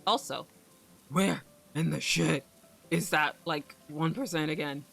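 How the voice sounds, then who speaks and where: A woman's voice: sits low, measured pace, vocal fry, fairly bright tone, soft background music. A young woman streaming, chatting casually in a rambling way, swearing freely and laughing often. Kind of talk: casual livestream chat.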